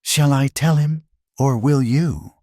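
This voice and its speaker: A man's voice: sits low, very animated, normal speed, darkish tone, no room sound, studio quality. A man reading aloud voicing a smug, scheming middle-aged mother with a purring, mocking manner. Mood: gloating.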